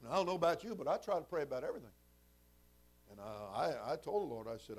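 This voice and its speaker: A male pastor delivers a sermon in a somewhat high voice. He moves between soft, conversational asides and loud, rising, shouted preaching. The wide swings in loudness give it a revival feel. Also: very animated, quick pace, slightly rough. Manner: builds from quiet talk to shouted preaching.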